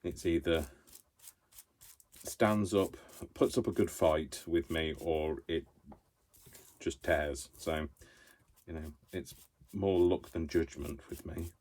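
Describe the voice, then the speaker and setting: A man's voice: a bass voice, steady tone, takes it slowly, pauses often, a little mellow. A man chatting while he crafts in his home craft room, rambling and poking fun at himself as he works. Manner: rambling, self-mocking, talks to himself while working. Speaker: craft vlogger.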